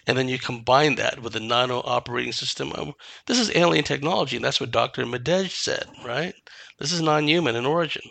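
A man's voice: medium pitch, brisk, gravelly, pushed and bright, no room sound. A man giving a solo commentary monologue, emphatic and dismissive, asking rhetorical questions.

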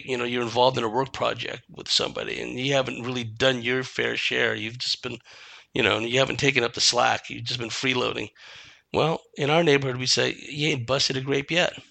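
A man's voice: mid-range voice, fairly even intonation, fairly quick, gravelly, sharp tone, no echo. A man giving a solo commentary monologue, emphatic and dismissive, asking rhetorical questions.

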